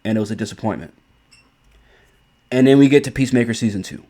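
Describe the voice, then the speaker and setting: A man delivers an opinionated commentary rant in an ordinary, mid-pitched voice. He is blunt and profane, circling back over his points and stumbling through restarts. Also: quick pace, warm tone. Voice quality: blunt, profane, repeats himself. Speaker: commentary host.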